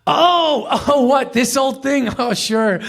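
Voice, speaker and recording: A man's voice: takes it slowly, gravelly, a bit bright, heavily acted. A man impersonating an effusive, friendly American male film star who gushes, stammers and sounds eager. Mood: bashful. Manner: gushing, stammering, high and eager.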